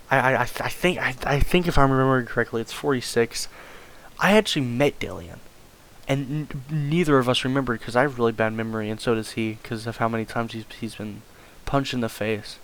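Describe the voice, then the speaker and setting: A man's voice: mid-range voice, brisk, fairly bright tone. A man telling a rambling comedic story, stammering and repeating words and swearing often.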